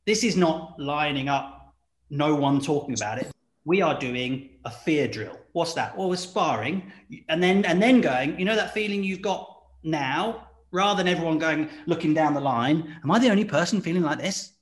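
A man in casual conversation who talks in an animated way, acting out quoted voices and laughing often. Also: on the high side, moderate pace. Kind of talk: casual chat. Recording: echoey room.

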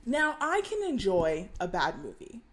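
A woman co-hosting a podcast in casual chat, ranting in an animated way and swearing freely. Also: medium pitch, unhurried. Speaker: podcast co-host.

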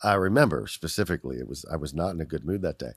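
Rambly guy on a chat podcast, low voice that swings up and down a lot, swears, dry sound. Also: expressive, racing, slightly rough, dry recording. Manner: rambling, apologetic, laughs often, swears. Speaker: podcast co-host. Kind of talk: casual chat. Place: Los Angeles, recording over video call.

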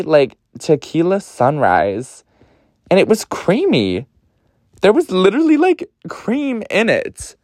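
A young man hosting a podcast, telling a story casually in an animated, gossipy way, swearing a lot and often jumping up in pitch. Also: dry recording, studio quality. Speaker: podcast host.

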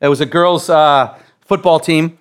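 Male preacher, middle-aged, from the United States, high voice, animated sermon that climbs to shouts. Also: a little slow, clean tone. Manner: animated preaching, builds to loud exclamations; repeats and restarts phrases while building up.

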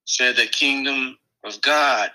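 A man co-hosting a casual spiritual podcast, thinking aloud in halting phrases with many fillers and restarts. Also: mid-range voice, pushed and bright, rough recording. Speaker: podcast co-host.

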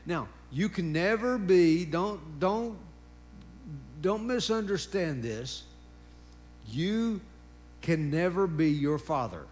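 A man preaching a sermon, emphatic and repetitive, breaking in with praise interjections. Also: fairly high pitch. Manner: emphatic, drawn-out preaching with repeated phrases and interjections.

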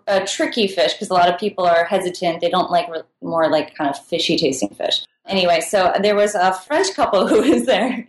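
Woman, podcast guest, casual chatty answers, giggly, middle pitch, echoey room. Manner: chatty and giggly, with frequent laughs. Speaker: podcast guest, food writer.

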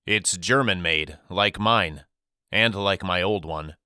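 A man voicing a gentle, loving middle-aged father who speaks softly. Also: sits low, takes it slowly, clear, resonant tone, dry recording, clean studio sound, heavily acted.

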